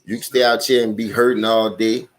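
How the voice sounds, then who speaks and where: Speaking briskly in a level tone, a young man with a low-side voice and a New Orleans accent hosts a sports live stream. He rants about football profanely and animatedly, directly to his viewers.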